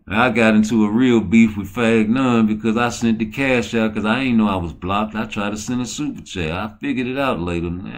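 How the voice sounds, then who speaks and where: A man rants as host of a boxing commentary show. He rambles, scattering "you know" and "man" through every sentence. His voice sits somewhat low.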